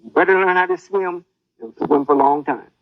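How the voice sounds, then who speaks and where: High-voiced boastful male preacher. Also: brisk, dry recording, lo-fi sound. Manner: boastful, menacing. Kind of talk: sermon.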